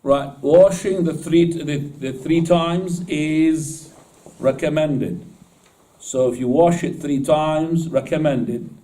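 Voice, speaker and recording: A man's voice: on the high side, fairly even intonation, slow pace, mellow, recorded from a distance, poor audio. A man teaching Islamic law to a class in casual, informal speech, often asking his students questions and laughing at his own jokes. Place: mosque classroom.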